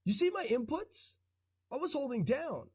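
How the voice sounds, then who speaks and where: A man streaming a retro game, giving animated live commentary that is joking and peppered with swearing. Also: extremely high pitch, moderate pace, husky, no echo, soft background music.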